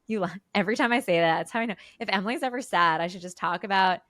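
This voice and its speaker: A woman's voice: medium pitch, racing, fairly bright tone, no echo. A young woman talks politics with a co-host in an emphatic, opinionated way. She often restarts a sentence to drive her point home. Her voice sits in the middle of the range and sounds dry and close to the mic. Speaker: podcast co-host. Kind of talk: casual political chat.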